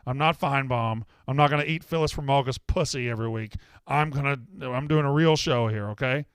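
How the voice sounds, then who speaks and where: Brief: Southern man hosting a sports call-in, brash and loud, smooth clear voice, dry close studio sound. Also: mid-range voice, brisk, no room sound. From American South. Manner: brash, heated, interrupts callers. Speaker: sports betting call-in host. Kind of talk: casual call-in sports talk.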